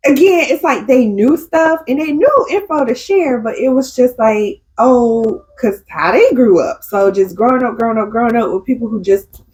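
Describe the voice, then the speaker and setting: A woman's voice: on the high side, moderate pace, poor audio. A woman co-hosting a casual chat, telling stories with acted-out quotes, laughing often. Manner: animated storytelling, acting out quotes, laughs often. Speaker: podcast co-host.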